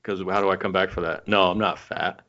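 Low-voiced man with dry, teasing humor. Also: flat delivery, brisk, bright, forceful tone, muffled recording. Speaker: podcast co-host. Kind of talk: casual chat.

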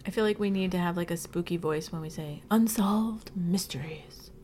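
A woman's voice: fairly low pitch, steady tone, quick pace, darkish tone. A woman co-hosting a podcast in casual chat, upbeat, laughing often and steering the conversation. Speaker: podcast co-host.

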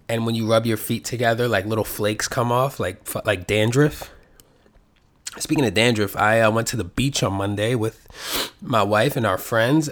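A man talking casually and at length, rambling and cursing freely, with his voice rising and getting louder when he gets excited. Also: lowish voice. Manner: rambling, profane, self-reflective. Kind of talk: casual solo chat.

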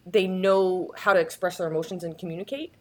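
A woman's voice: lowish voice, steady tone, fairly quick. A woman talking candidly and earnestly as a guest in a casual chat, often restarting her sentences.

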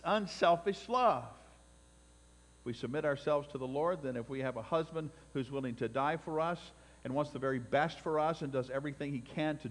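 A man preaching a sermon as pastor, building to emphatic peaks and dropping to quiet, deliberate phrases. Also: mid-range voice. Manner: emphatic preaching with swells and drops in loudness. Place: church sanctuary. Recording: long reverb in a hall.

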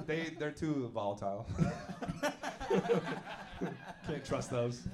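A man's voice: medium pitch, expressive, extremely slow. A tipsy man co-hosting a live comedy podcast on a club stage, riffing goofily and giggling. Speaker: podcast co-host. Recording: live club with crowd noise.

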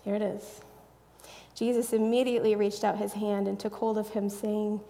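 A woman's voice: medium pitch, flat delivery, moderate pace, vocal fry. A woman giving conversational Bible teaching in an earnest, chatty way, with a long echoing reverb around her voice. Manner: earnest, chatty, drops into soft hushed asides.

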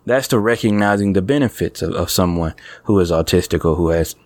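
Deep-voiced thoughtful man, dry sound. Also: darkish tone, dry recording. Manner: thoughtful, halting, with many fillers. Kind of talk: casual chat.

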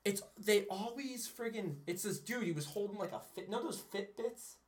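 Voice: mid-range voice, normal speed. A podcast host telling a story in casual chat, rambling with lots of fillers, laughing often and swearing freely. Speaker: show host.

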